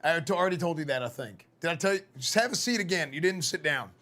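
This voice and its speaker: A hoarse man giving a loud, profane mock locker-room pep talk as coach on a live gaming stream. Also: a little high, lively intonation, fast. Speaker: streamer playing a football coach.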